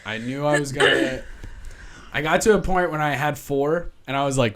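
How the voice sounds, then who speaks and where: A man's voice: fairly high pitch, moderate pace. A man co-hosting a casual podcast, telling stories with frequent laughter and casual swearing. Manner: laughs often, swears freely, animated storytelling. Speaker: podcast co-host. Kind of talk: casual chat.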